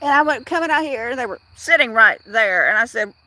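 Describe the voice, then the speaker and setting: A woman's voice: on the high side, lively intonation, brisk, sharp tone, dry recording. A woman hosting a casual outdoor livestream at dusk, rambling chattily and talking straight to her viewers. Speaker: livestream host.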